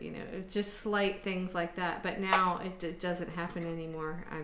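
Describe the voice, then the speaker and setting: A woman's voice: fairly low pitch, little pitch movement, normal speed, few pauses, echoey room, heavy background noise. A woman from Michigan hosting a casual chat over a video call, rambling with many fillers. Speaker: host.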